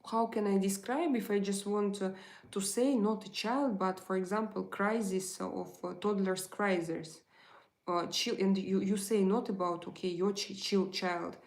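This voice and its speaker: A woman, chatting frankly on a live stream and answering viewer comments, halting often to restart her sentences. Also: medium pitch, steady tone. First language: Russian.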